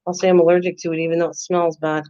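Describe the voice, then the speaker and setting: A woman's voice: fairly low pitch, level tone, rapid-fire, warm tone, muffled recording, a little hiss or hum. Teasing older woman chatting with viewers. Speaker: channel host. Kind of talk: casual live-stream chat.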